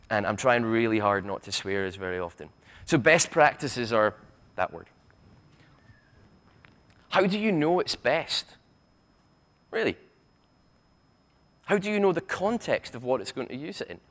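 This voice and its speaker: A Scottish man with a Glaswegian lilt gives a conference keynote in a fired-up, sarcastic way, and he does not hold back on the swearing. His voice sits at an ordinary middle pitch. He trips over his own words in quick restarts as he pushes his points. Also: a bit bright. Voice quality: sarcastic, blunt, swears freely. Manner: impassioned, stammering restarts, rapid asides. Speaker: keynote speaker. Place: university conference hall.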